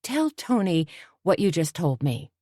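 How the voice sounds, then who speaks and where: A woman voicing a level-headed café owner who speaks calmly and evenly. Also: fairly low pitch, measured pace, no echo, clean studio sound.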